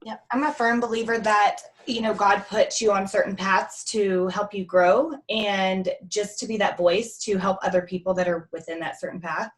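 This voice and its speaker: A woman's voice: mid-range voice, steady tone, normal speed, few pauses. A woman hosting a casual interview, speaking earnestly and sincerely. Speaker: host.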